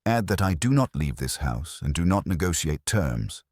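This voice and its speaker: Guy doing a bossy genius detective, super deep, curt and dismissive. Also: very animated, normal speed, a little mellow, no room sound, studio quality, exaggerated voice. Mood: commanding. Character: stout imperious male genius detective.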